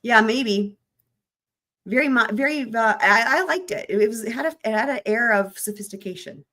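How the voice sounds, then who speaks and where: A woman's voice: a little high, moderate pace, sharp tone. A woman hosting a true crime live stream, chatting loosely with her viewers in a rambling, casual way.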